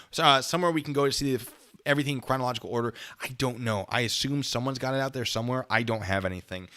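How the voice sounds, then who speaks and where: A man's voice: mid-range voice, bright, forceful tone. A man hosting a casual livestream, chatting with viewers, laughing often and reading out donations. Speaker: streamer reacting to videos.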